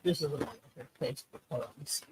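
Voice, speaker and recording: A woman's voice: low-pitched, racing, darkish tone, slight background noise, low-quality recording. A woman co-hosting a live commentary stream, talking casually and rambling, often checking in with "you know what I'm saying.".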